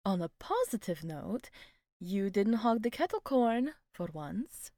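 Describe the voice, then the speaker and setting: A woman's voice: mid-range voice, big pitch swings, slow, mellow, no room sound, studio quality. Woman voicing a bossy, chipper young woman. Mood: teasing. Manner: teasing and upbeat.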